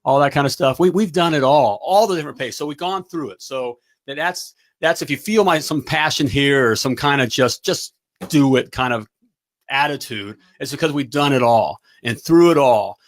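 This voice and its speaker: A middle-aged man hosting a live talk show, giving an energetic pep talk and checking in often with "all right?". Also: medium pitch, normal speed. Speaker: talk show host and plumbing business coach.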